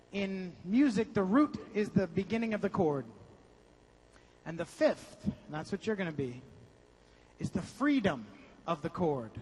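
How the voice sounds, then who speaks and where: A man's voice: sits high, breathy edge, in a large hall. A man leading a motivational seminar, coaching the audience energetically and breaking into song. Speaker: seminar speaker. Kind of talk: motivational seminar with group singing.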